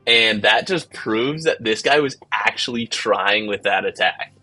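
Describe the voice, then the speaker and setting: A man's voice: lowish voice, measured pace, sharp tone, soft background music, low-quality recording. A man hosting gameplay commentary, telling a story in a casual, exasperated way with lots of fillers. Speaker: game channel host.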